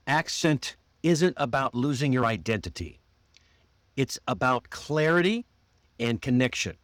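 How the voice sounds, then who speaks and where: A man with an American accent teaching an online English accent lesson, modeling phrases slowly and deliberately. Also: medium pitch, no room sound. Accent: General American.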